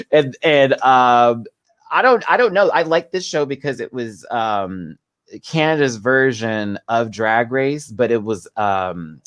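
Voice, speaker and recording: A man's voice: mid-range voice, takes it slowly, no room sound. A man guesting on a podcast, chatting casually and animatedly, acting out quotes while telling stories. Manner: animated storyteller, acts out quotes. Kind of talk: casual chat.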